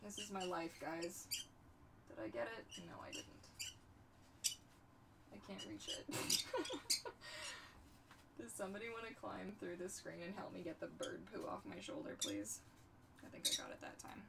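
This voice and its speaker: A woman's voice: fairly low pitch, fairly quick, creaky. Chatty young woman livestreaming from afar. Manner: chatty and animated, talks to her pets. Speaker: livestream host. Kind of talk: casual livestream chat. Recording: distant mic with background noise.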